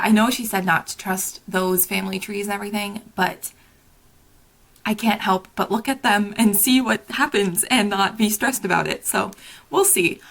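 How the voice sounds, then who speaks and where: A young woman chatting casually in a reading vlog, excitable and gushing, fretting aloud and laughing often. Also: mid-range voice, gravelly. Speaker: book vlogger.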